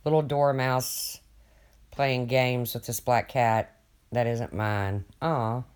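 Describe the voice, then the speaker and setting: A man's voice: mid-range voice, steady tone, takes it slowly, smooth. An older man rambling casually to viewers on his livestream, folksy and swearing freely as he reads their comments. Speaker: livestream host.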